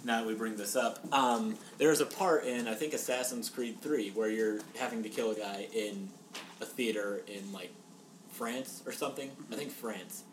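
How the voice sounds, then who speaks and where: A man playing along as a contestant in a casual quiz, telling meandering stories to explain his answers. His voice echoes in the room and sits far from the mic. Steady noise runs underneath. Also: on the low side, normal speed. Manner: rambling, loose storytelling. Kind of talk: casual chat. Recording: roomy, distant mic with noise.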